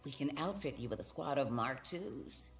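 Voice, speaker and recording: A cool, gravelly agent. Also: female voice, a bass voice, animated, moderate pace, music in the background. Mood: businesslike. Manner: crisp and precise. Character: cool, businesslike female agent.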